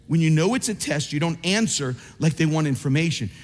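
A pastor delivers his sermon in a lively, sweeping voice that climbs high and falls back low. He is a man whose tone sits well above the usual, and he acts out the voices of the people in his stories. His words ring out with the long reverb of a church hall. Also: brisk. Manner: animated preaching, acts out quoted voices. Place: church sanctuary.

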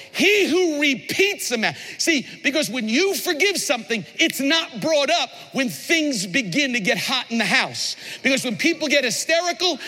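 A man in his forties preaching a sermon as a pastor, playful and animated, with sudden emphatic outbursts, in a large church hall. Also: very high voice. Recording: long hall reverb.

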